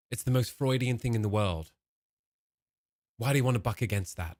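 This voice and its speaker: A man giving casual, profane reaction commentary as a streamer, given to animated rants. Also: medium pitch, brisk, long pauses, no room sound, clean studio sound.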